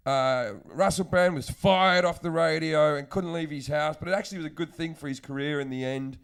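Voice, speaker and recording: A comedian man spins a crude, rambling story in casual podcast chat. His voice sits a little higher than most men's. He acts out each quoted line as he goes. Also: fairly quick, gravelly, clean tone. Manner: crude, rambling anecdotes with mimicked quotes and laughs.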